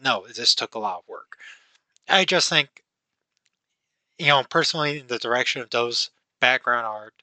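A man's voice: medium pitch, sharp tone, dry recording, low-quality recording. A man hosting a casual film-review podcast, rambling with lots of "you know" and "like". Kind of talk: casual chat.

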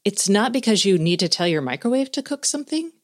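A woman tech journalist talking casually as an interview guest, lively, and often acting out gadgets in little quoted voices. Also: medium pitch, fast.

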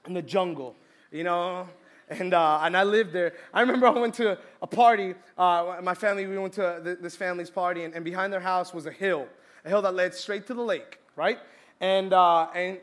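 Young male preacher from Colombia, high bright tone, animated storyteller. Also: normal speed. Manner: storytelling, lively, shouts and laughs in the story. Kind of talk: sermon.

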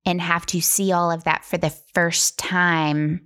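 Earnest woman with a lowish voice. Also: flat delivery, measured pace, a bit bright, clean tone. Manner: earnest, thoughtful, explains in long run-on sentences. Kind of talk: casual conversation.

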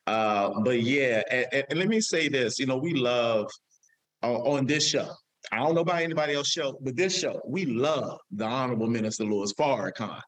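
A man's voice: mid-range voice, expressive, moderate pace. A man hosting a live show, emotional and preacher-like, repeating his phrases for emphasis. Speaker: show host.

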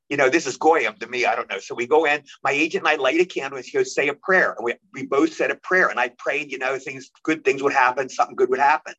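A man telling stories as an interview guest, lively and quick, acting out the voices of the people he quotes. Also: mid-range voice, highs cut off. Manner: animated, rapid storyteller who acts out quoted voices. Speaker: guest actor. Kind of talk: storytelling interview.

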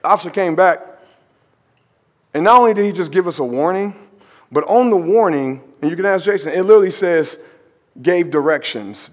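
High-voiced man preaching in a reverberant church hall. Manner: animated, conversational preaching, drops to hushed emphasis. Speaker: pastor. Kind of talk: storytelling sermon. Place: church sanctuary.

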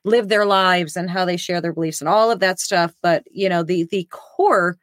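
A woman hosting a casual political chat, talking haltingly with many pauses. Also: on the low side, dry recording, clean studio sound. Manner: halting, lots of fillers and restarts.

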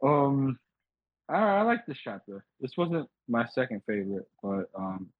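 A man's voice: mid-range voice, expressive, unhurried, no echo. A man co-hosting a podcast in casual chat, reacting briefly to his co-host's recap. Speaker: podcast co-host. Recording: thin phone-like remote line.

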